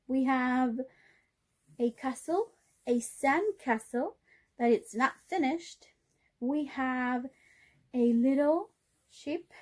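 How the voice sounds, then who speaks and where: A woman's voice: high voice, a little mellow. A woman teaching a video class to young children, drawing out key words in a sing-song way for them to repeat. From Chile.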